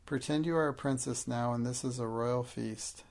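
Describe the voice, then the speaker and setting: A man's voice: medium pitch, moderate pace, vocal fry, close to an everyday voice. A man reading the part of an eager, admiring young schoolgirl who gushes.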